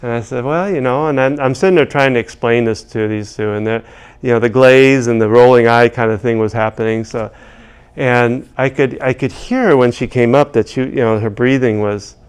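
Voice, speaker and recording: A man's voice: medium pitch, steady tone, moderate pace, smooth. A man teaching tapping, telling a long rambling story full of restarts and asides. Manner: rambling, many restarts and "you know"s. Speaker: EFT practitioner. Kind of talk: casual teaching with anecdotes.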